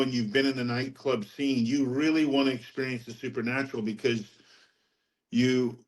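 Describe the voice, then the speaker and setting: A middle-aged man, a podcast guest, telling his faith story in a rambling, animated way and laughing at his own anecdotes. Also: medium pitch, poor audio. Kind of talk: casual testimony storytelling.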